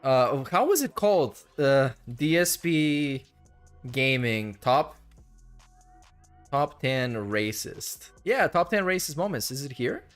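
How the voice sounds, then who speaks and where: Young male streamer, mock-offended and jokey, lively pitch, faint music under him. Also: slow pace. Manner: sarcastic, laughing, profane asides. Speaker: reaction streamer. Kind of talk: casual commentary.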